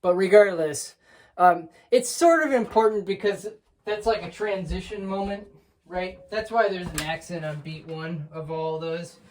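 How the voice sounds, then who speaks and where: A man giving a drum student feedback in a relaxed, encouraging way, with frequent ums and restarts. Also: high-pitched, unhurried. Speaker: drum teacher. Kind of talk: recorded feedback lesson. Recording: distant mic with faint noise.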